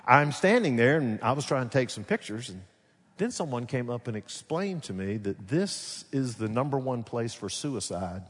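A man with a Southern Alabama accent, a pastor preaching a sermon and telling a story in a casual way, swinging between loud and hushed. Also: medium pitch, very animated, normal speed, breathy edge. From Alabama, USA. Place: large church sanctuary. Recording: long reverb of a big hall.

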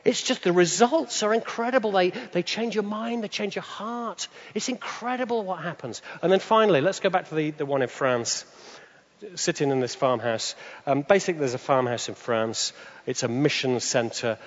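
A man preaching a sermon, telling stories and swinging up into high, excited tones. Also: moderate pace. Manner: animated, jumps to high excited pitch. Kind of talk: sermon with storytelling. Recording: dull sound with long hall reverb.

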